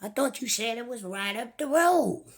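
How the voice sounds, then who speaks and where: A woman voicing a clever, eager little boy who talks persuasively, with a husky voice. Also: fairly high pitch, expressive, moderate pace.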